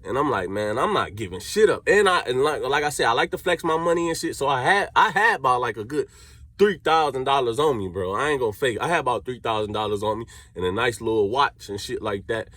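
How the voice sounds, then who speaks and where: A man's voice: mid-range voice, fairly quick. A young man with a Cleveland accent telling a story in casual street slang, acting out what people said. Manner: animated street slang storytelling, acts out quotes.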